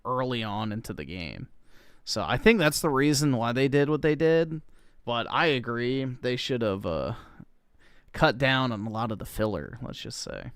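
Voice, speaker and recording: A man streaming and chatting casually, talking about games in a relaxed, offhand way. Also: mid-range voice, clean tone, no room sound, clean studio sound. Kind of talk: casual chat.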